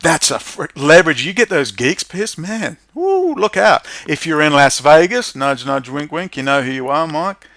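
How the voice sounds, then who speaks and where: A man's voice: fairly high pitch, big pitch swings, moderate pace, hardly any pauses, dry recording. Profane ranting man. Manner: profane, heated, swings between muttering and shouting. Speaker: livestream host. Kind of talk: ranting monologue to viewers.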